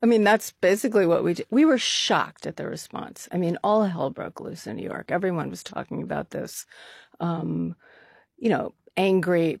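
Older lady, low gravelly voice, laughs a lot and says um all the time, dry close mic. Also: darkish tone, no echo. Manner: laughs often, chatty, many fillers. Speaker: guest, art activist co-founder. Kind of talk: casual interview talk.

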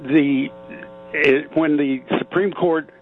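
A man's voice: a little high, steady tone. Guy calling into a radio show, tinny phone line, hum and faint music behind him, lots of ums. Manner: halting, with many fillers and repeats. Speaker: caller.

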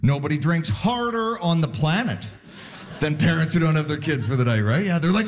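Canadian guy in his 40s doing standup, bit higher voice, swings up and down a lot when he acts stuff out. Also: brisk, a crowd in the background. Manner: laid-back storytelling with animated voiced asides. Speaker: stand-up comedian. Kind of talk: stand-up comedy set. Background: audience laughter.

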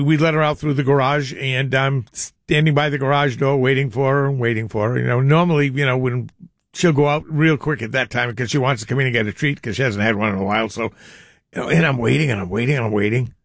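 A man's voice: mid-range voice, fast talker, dry recording, clean studio sound. An older man hosting a call-in radio show, telling rambling stories with frequent chuckles. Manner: rambling storyteller, chuckles often. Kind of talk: casual radio chat.

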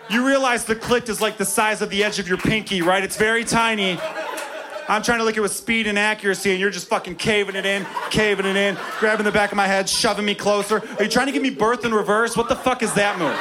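Brash high-voiced stand-up comic, live crowd. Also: male voice, fairly even intonation, fast talker, noisy background. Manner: brash, profane, punchy delivery. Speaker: stand-up comedian. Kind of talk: stand-up comedy set. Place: club stage before a laughing crowd. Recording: live club recording with crowd laughter.

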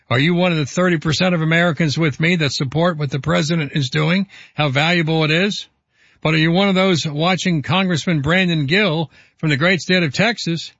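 A man's voice: on the high side, fairly bright tone, no room sound. Indignant radio talk show host man. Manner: indignant, emphatic, reads headlines aloud. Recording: dull lo-fi broadcast audio.

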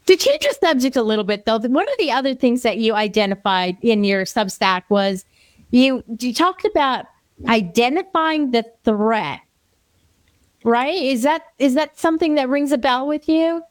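Woman host, high voice, chatty storytelling, dry sound. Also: sing-song, moderate pace, no room sound. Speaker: interviewer. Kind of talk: conversational interview.

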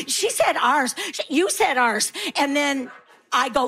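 A middle-aged woman doing a stand-up comedy set, acting out her kids and herself in animated voices. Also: high-pitched, moderate pace.

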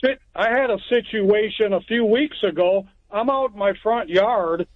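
Over a tinny phone line, a high-pitched Texan caller rambles through a story on a radio show at normal speed. He is plainspoken and restarts often, and the recording is dry.

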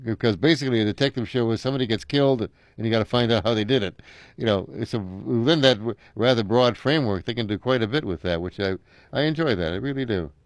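A man's voice: mid-range voice, no echo. Rambling older American man, dry sound. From United States. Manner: rambling, chuckling often, halting with many uhs. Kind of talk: casual chat.

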